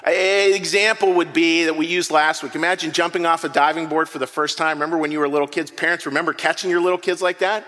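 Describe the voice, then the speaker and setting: A man preaching a sermon to his congregation, telling a story with lively acted-out moments. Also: fairly high pitch, quick pace, few pauses, in a large hall. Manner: animated storytelling preacher, acts out scenes. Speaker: pastor. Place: church hall with an audience.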